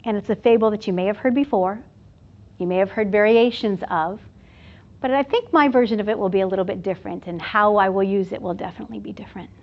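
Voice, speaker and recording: A woman presenter at a university event, telling a fable in an expressive storytelling manner. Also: mid-range voice, fast. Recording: dull lo-fi sound.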